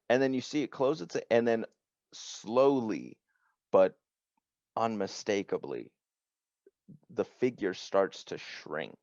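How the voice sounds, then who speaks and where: Male tabletop game master, unhurried and halting, lowish voice, dry close sound. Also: darkish tone, dry recording, highs cut off. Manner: slow, halting, with many restarts.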